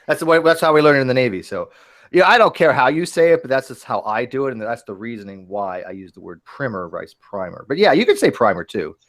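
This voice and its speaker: A man hosting a casual podcast chat, talking in animated bursts with frequent restarts and casual swearing. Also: mid-range voice, quick pace. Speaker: host.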